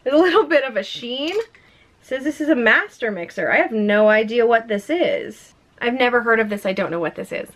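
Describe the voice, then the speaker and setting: A young woman vlogging a makeup unboxing at home in a chatty, excitable, self-mocking way. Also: a little high, brisk. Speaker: beauty vlogger. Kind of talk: casual unboxing vlog. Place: home room with a ring light.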